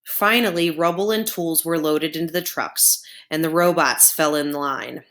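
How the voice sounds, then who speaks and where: Woman, storybook read-aloud for children, low voice, slow pace, chatty asides. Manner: warm asides to young listeners.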